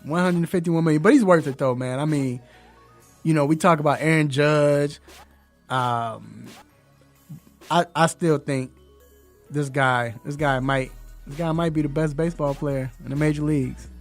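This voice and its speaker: Brief: male sports talk host, slightly high voice, animated and loose, faint music underneath. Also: moderate pace, pauses often. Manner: animated, laughing, loose slangy banter. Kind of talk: casual sports commentary chat.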